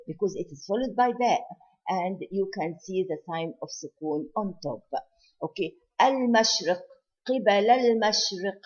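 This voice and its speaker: A woman teaching Quran recitation rules in an online lesson, patiently repeating each example slowly. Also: on the low side, warm tone, breathy edge. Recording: dull lo-fi recording.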